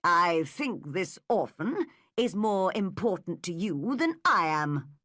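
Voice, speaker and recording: A woman's voice: fairly low pitch, big pitch swings, takes it slowly, fairly bright tone, dry recording, studio quality, full character voice. A woman voicing a nosy, blunt older village woman who tuts and disapproves in a storybook reading. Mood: disapproving. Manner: tutting and disapproving.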